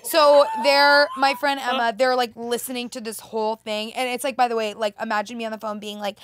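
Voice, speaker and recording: A woman with a high, light voice tells a story, acting out her own shouts as she goes. The sound is dry and close, with no room behind it. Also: fairly quick, few pauses, no echo. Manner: animated storyteller, acts out her own yelps. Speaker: podcast guest. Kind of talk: casual chat.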